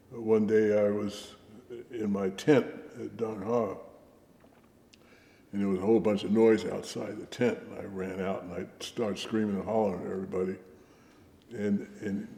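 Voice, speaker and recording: An older man, a veteran, telling lively anecdotes in an oral history interview and acting out the dialogue. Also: fairly low pitch, creaky, reverberant, long reverb tail. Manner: lively anecdotal storyteller, acts out quoted dialogue.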